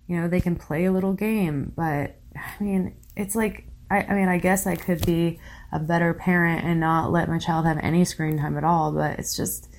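A worn-out woman hosting her own show, talking in a halting way with nervous laughs, close to tears. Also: fairly low pitch, steady tone, slight background noise. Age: young adult to middle-aged parent. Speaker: podcast host. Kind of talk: casual solo commentary reading listener comments.

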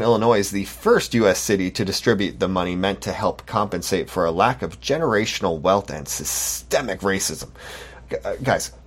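A man's voice: on the low side, husky. A man hosting a solo podcast, talking in a sarcastic, mocking commentary style. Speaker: podcast host.

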